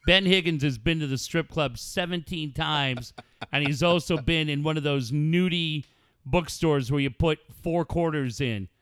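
A man's voice: a little high, unhurried, a bit bright, smooth, no echo. A man hosting a sports radio show in a studio, talking bluntly and joking with plenty of swearing. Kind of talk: casual radio chat.

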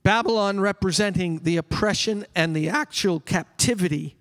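A male pastor preaching an exuberant sermon. He bursts into yelling at times and leads the congregation in call-and-response. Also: sits high, normal speed, big-room sound. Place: church sanctuary.

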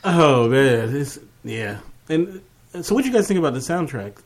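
Man, casual film podcaster, average pitch, relaxed. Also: normal speed. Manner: laid-back, laughs.

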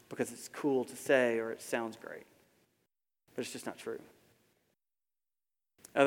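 Conversational pastor preaching in a reverberant hall. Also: male voice, mid-range voice. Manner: conversational, asks the audience rhetorical questions. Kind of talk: sermon. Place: large hall with a live congregation.

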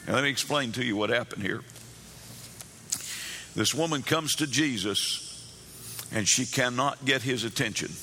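Bright-voiced preacher in a reverberant hall. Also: male voice, mid-range voice, moderate pace, long pauses, a little hiss or hum. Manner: animated, acts out the Bible characters' pleas in a raised voice. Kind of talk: sermon.

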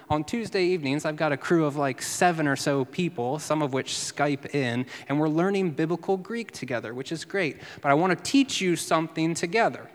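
Man preaching in a reverberant church hall. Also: a little high. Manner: teaching, lively, drops to a hush for quotes. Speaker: pastor. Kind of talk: sermon.

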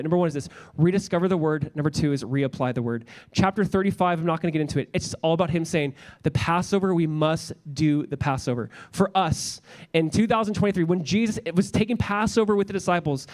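A man's voice: on the high side, darkish tone. Earnest man preaching a sermon. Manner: earnest, conversational, repeats words and restarts. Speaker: pastor.

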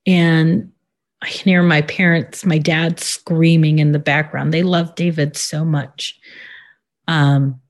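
A woman in an interview who gives a personal account in a halting, subdued way, with many pauses and fillers. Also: sits low, level tone. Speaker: interview guest.

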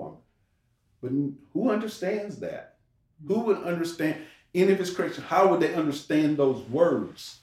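A man's voice: on the high side, sing-song, moderate pace, darkish tone. Roomy-sounding man preaching conversationally. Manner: conversational, rambling, with restarts and rhetorical questions. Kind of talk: informal sermon. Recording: roomy echo.

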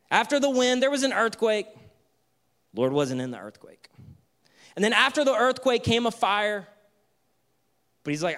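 A male pastor preaching a sermon, retelling a story with dramatic swings between loud and soft. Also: sits high.

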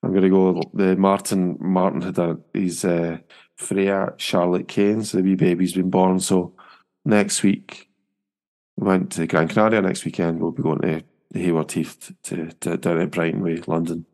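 A man's voice: sits low, little pitch movement, moderate pace, a little mellow. A man hosting a casual football podcast, rambling and chatty with frequent restarts. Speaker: podcast host.

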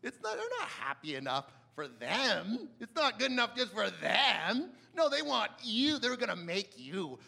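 A man preaching a sermon with dramatic swings between loud emphasis and hushed asides, often asking his listeners questions. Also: high voice, wildly swooping pitch, unhurried, vocal fry, hardly any pauses. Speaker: pastor.

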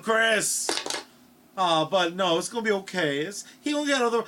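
A man's voice: high-pitched, lively intonation, moderate pace, noisy background. A male podcast co-host in casual comedic chat, rambling and hesitant, with crude jokes and many asides.

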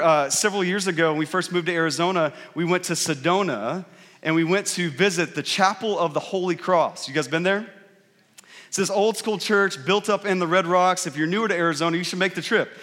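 A man's voice: sits high, bright, forceful tone. A middle-aged man, a pastor, preaching a sermon in a church in a conversational storytelling way and often asking the congregation questions. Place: church sanctuary. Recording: reverberant hall.

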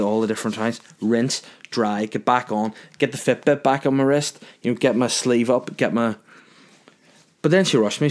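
A young man, telling a crude, rambling comic story in a loose monologue. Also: lowish voice.

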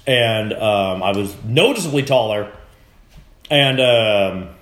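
A man's voice: on the low side, lively intonation, slow pace, a bit bright, roomy sound. A man hosting a podcast, telling stories in casual chat, rambling and swearing a lot. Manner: rambling, profane storytelling. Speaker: podcast host.

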